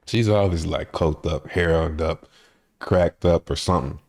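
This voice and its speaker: A man with a very low voice tells a story in a relaxed, rambling way. He swears freely and laughs his way through the funny parts. It is a casual podcast monologue. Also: a little slow. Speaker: podcast host.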